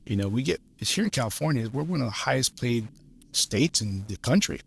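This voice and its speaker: Gravelly guy about fifty, lineman on a podcast, blunt and swears a lot. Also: mid-range voice, a little fast. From Los Angeles area. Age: 50s. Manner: blunt, profane, animated storyteller. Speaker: podcast guest, journeyman lineman. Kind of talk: casual storytelling chat.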